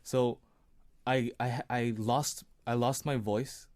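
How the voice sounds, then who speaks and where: Relaxed, laid-back man in a dry interview. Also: mid-range voice, no room sound. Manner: relaxed, laughs easily, halting restarts. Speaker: singer-songwriter and producer guest. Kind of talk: casual interview chat.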